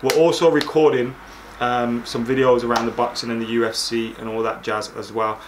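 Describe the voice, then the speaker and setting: A man's voice: mid-range voice, little pitch movement, a little fast, slight background noise. A man co-hosting a casual football podcast, talking in loose, slangy banter. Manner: laid-back, slangy banter. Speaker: podcast co-host.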